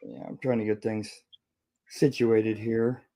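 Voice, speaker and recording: A man's voice: fairly low pitch, little pitch movement, a little slow, warm tone. A man hosting a casual livestream, easygoing as he reads out viewer names. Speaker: stream host.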